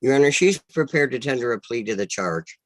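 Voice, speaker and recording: A man's voice: mid-range voice, lively intonation, brisk, low-quality recording. A man working as a defense attorney who speaks to the judge briefly, formally and matter-of-factly. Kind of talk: courtroom exchange.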